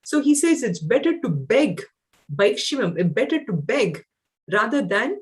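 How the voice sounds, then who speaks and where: Animated woman teaching scripture verses. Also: fairly high pitch, a little slow. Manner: explains verses with many fillers, chanting Sanskrit lines. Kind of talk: lecture with Sanskrit verse recitation.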